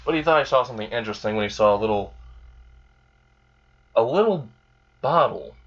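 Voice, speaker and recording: A man's voice: medium pitch, expressive, a little fast, highs cut off. A man casually narrating an improvised fan story, rambling and filling gaps with "like" and "you know".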